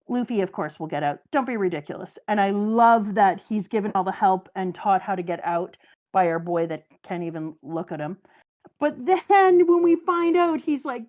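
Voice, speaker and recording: A woman's voice: mid-range voice, moderate pace, a little mellow. A woman hosting a casual chat, gushing and joking her way through an anime recap. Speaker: host.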